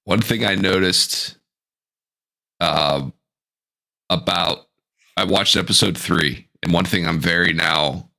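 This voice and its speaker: A man's voice: deep voice, slow, vocal fry, pauses often, pushed and bright. A man co-hosting a podcast, chatting casually and teasing his co-host over a home mic. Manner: jokey, teasing. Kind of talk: casual chat. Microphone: home microphone over a call.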